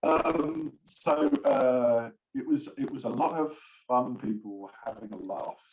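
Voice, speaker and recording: A man's voice: mid-range voice, wildly swooping pitch, a little slow, vocal fry, darkish tone, slight background noise. Rambling man guest in a roomy space. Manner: rambling, many fillers, laughs often. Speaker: screenwriter and producer guest. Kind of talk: casual interview chat.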